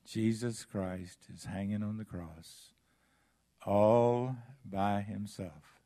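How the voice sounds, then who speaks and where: A man preaching a sermon as pastor, with dramatic swings between loud passages and hushed ones. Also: on the low side, steady tone, slow.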